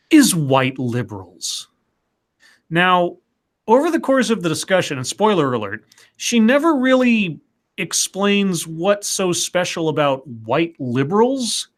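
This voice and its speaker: A man chatting casually as a co-host, rambling with wry, sarcastic asides. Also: on the high side. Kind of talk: casual commentary chat.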